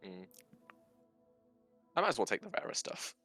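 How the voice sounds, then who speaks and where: A man playing in a tabletop game, chatting casually and asking quick questions. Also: pushed and bright, no echo, soft background music. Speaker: player.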